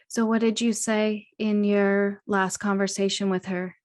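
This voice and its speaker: A woman hosting a podcast interview, asking short, gentle questions. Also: medium pitch, flat delivery, unhurried. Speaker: podcast host.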